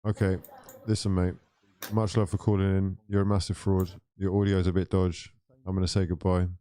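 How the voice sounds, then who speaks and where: A man's voice: low-pitched, level tone, warm tone. A man hosting a football call-in stream, teasing his callers and calling them frauds in casual banter. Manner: teasing, calls callers frauds, quick offhand remarks.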